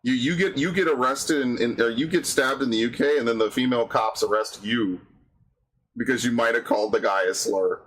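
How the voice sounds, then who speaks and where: A man's voice: mid-range voice, brisk, a bit bright, low-quality recording. Young guy streamer, swears a ton, ranty crude banter, just chatting. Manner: crude, profane, ranting banter. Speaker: streamer host. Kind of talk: casual stream chat.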